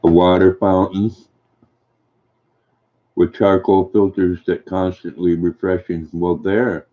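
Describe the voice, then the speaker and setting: An older man hosting a livestream, reading viewer comments aloud and answering them in a gentle, folksy way. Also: low-pitched, little pitch movement, takes it slowly. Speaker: livestream host reading chat. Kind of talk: casual chat. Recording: dull lo-fi stream audio.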